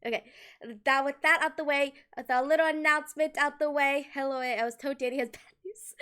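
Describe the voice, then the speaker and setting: A woman's voice: high-pitched, normal speed, bright, forceful tone. A woman from Colombia chatting casually with viewers on a livestream, giggling often and talking animatedly with her hands near a desk microphone. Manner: giggly, laughs often between sentences.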